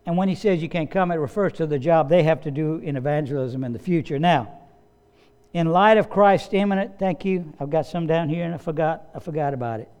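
A man's voice: a little high, a little fast, darkish tone, smooth. Man preaching in a conversational way. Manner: conversational preaching with asides and occasional coughs. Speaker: pastor. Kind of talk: sermon. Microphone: slides and study sheet, speaking to a congregation.

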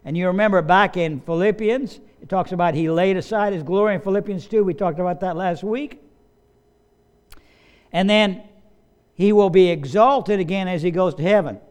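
Pastor, male, fairly high smooth voice, chatty sermon delivery with asides. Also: moderate pace, darkish tone. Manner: conversational preaching with asides and occasional coughs. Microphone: slides and study sheet, speaking to a congregation.

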